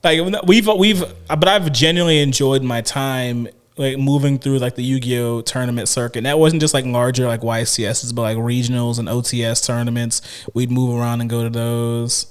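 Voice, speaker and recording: A man's voice: mid-range voice, steady tone, normal speed, hardly any pauses, clean tone. A man co-hosting a casual podcast chat, rambling with many restarts and fillers. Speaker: podcast co-host.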